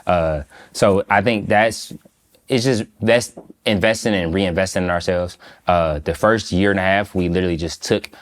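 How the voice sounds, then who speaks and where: Guy from detroit, really low voice, slow and calm, kinda monotone, chill. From Detroit, USA. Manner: relaxed, laughs easily. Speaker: guest, food critic. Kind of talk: casual interview chat.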